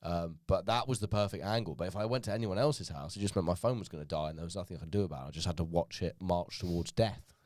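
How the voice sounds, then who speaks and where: A man's voice: sits low, quick pace, hardly any pauses, darkish tone, no room sound, clean studio sound. A man hosting a podcast, telling wry rambling stories in casual chat. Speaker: podcast host.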